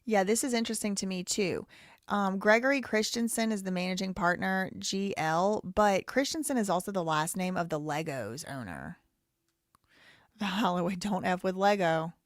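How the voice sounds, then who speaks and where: Woman, live-show host, mid-pitch, dry close sound. She reads legal text aloud and keeps breaking off into skeptical asides. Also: normal speed, dry recording. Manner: rambling, with frequent asides and self-corrections. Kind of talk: casual commentary reading a lawsuit aloud.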